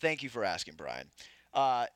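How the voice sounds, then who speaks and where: A young man from Texas co-hosting a podcast, telling animated stories in casual chat. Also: medium pitch, moderate pace, clear, resonant tone, no echo. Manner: animated storyteller, mimics his mom. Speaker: podcast co-host.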